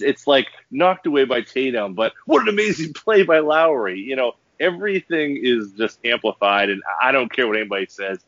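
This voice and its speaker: A man's voice: medium pitch, fairly bright tone, dry recording, muffled recording. A man co-hosting a sports podcast, ranting emphatically with many restarts and repeated words. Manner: emphatic, repetitive restarts, angry. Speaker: podcast co-host. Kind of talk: heated sports podcast rant.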